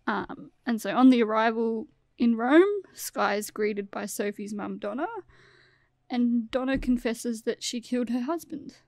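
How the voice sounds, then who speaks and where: A woman's voice: on the high side, steady tone, a little slow, a little mellow, dry recording. A woman podcast host retelling a plot casually, laughing often. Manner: laughing, storyteller.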